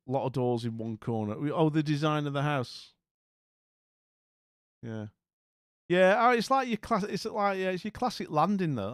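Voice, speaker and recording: A man's voice: medium pitch, no echo, studio quality. A man hosting a casual live chat, wry and rambling, often trailing off into mutters. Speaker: livestream host. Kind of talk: casual live chat reacting to house listings.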